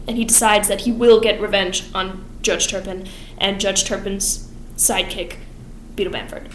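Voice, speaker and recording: A young woman in her late teens, a theater student, excitedly rushing through a plot recap with rambling asides. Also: medium pitch, echoey room, a little hiss or hum. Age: young adult. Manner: excited, rushed, rambling with fillers and laughs. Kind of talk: fast plot recap vlog.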